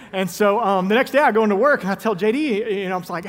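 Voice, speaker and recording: A man's voice: high voice, expressive, fast talker, big-room sound. A man in his thirties, a pastor preaching a conversational sermon in a church, joking and poking fun at himself. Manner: joking, self-deprecating storyteller. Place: church sanctuary.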